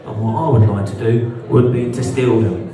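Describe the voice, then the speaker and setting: With music in the background and audience laughter, a young British comic delivers a live set at a social club venue, bantering brashly and swearing. His lowish voice moves at normal speed, and the recording is distant in a roomy hall.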